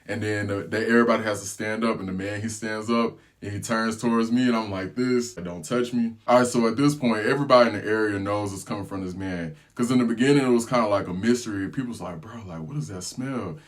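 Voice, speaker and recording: A man telling a storytime vlog in a casual, slangy way. He tells it with animated energy and breaks into laughter. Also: fairly low pitch, quick pace, hardly any pauses. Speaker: travel vlogger.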